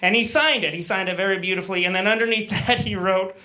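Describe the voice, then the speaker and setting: Bright, stammering stand-up comedian man. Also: high voice, fast. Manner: self-deprecating, hesitant storytelling with stammers and acted-out quotes. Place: live comedy stage before an audience.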